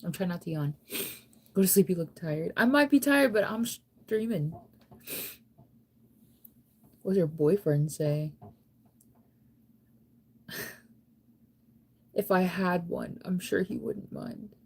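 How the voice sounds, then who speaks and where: A woman's voice: fairly low pitch, slow, long pauses, breathy edge. A young woman chatting casually on a late-night livestream, sleepy and yawning, rambling with lots of "like". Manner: relaxed, rambling, heavy use of "like".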